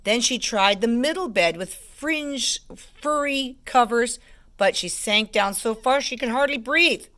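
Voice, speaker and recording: Expressive teacher reading a storybook, woman, slow and bright. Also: fairly high pitch. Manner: expressive, hushed asides about pictures. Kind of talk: storybook read-aloud.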